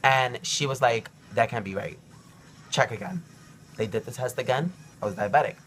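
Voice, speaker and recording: A man's voice: medium pitch, animated, moderate pace, fairly bright tone, faint music behind. A young man in his early twenties telling a personal story to his camera at home, rambling and emotional, with many ums and likes. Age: young adult. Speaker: vlogger.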